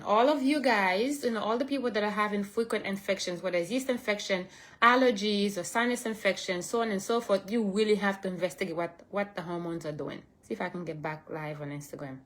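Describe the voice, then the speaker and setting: A woman doctor giving a live-streamed health talk, speaking emphatically, repeating her key points and addressing viewers directly. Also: mid-range voice. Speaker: holistic functional medicine doctor.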